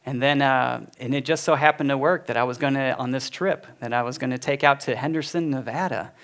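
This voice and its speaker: Gravelly-voiced man sharing a heartfelt story. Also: mid-range voice, fairly quick, a bit bright. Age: 40s. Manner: heartfelt, conversational storytelling with many fillers. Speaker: speaker at a church community. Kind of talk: personal testimony in a sermon.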